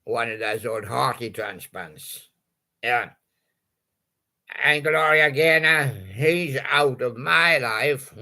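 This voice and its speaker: A man's voice: medium pitch, drawn-out words, vocal fry, bright, forceful tone. A male host making playful, punning patter about old song titles and chuckling at his own jokes.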